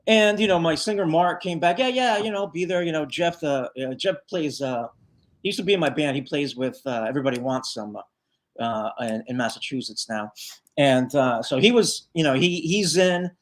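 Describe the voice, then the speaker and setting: A man's voice: fairly high pitch, animated, normal speed. A man who leads a tribute band, guest on a live show, telling a long story in a loose, rambling way with lots of fillers and acted-out quotes. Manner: rambling, full of fillers, acts out quoted lines. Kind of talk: casual storytelling in a live interview.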